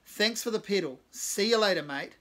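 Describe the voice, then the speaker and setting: A man voicing a booming, playful male rock star with an Australian accent, shouting out teasing commands. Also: lively intonation, moderate pace. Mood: exuberant. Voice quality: booming, loud.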